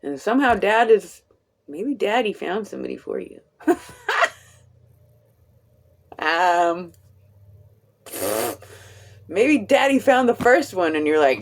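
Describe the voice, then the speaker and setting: Slow, chatty woman reading tarot. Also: medium pitch, sing-song. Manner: chatty, laughs often, swears casually; slow, drawn-out delivery. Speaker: tarot reader. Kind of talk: casual live tarot reading.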